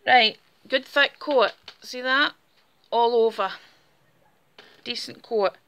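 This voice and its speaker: Scottish borders lady doing a craft tutorial, chatty, bright clear voice, a bit high. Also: takes it slowly. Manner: chatty, talks while working with her hands. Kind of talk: casual step-by-step craft demonstration.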